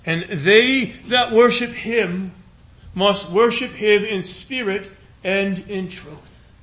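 High-voiced man preaching earnestly. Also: slow pace, fairly bright tone. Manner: earnest, pleading, repetitive cadence. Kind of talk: sermon.

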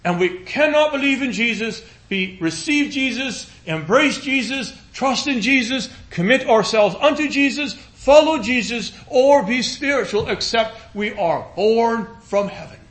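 High-voiced man preaching earnestly. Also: animated, unhurried, hardly any pauses, a bit bright. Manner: earnest, pleading, repetitive cadence. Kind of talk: sermon.

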